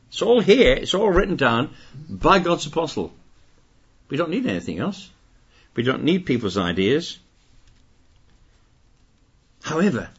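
A man's voice: mid-range voice, husky. An older man preaching a sermon, stressing key points by repeating phrases and raising his voice on them. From Britain. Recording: dull lo-fi recording.

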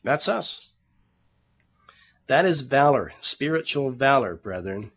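A man's voice: medium pitch, sing-song, slow, fairly bright tone, husky. A man preaching a sermon in an earnest, conversational way. He calls the congregation brethren and often repeats words while he searches for the next one. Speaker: pastor.

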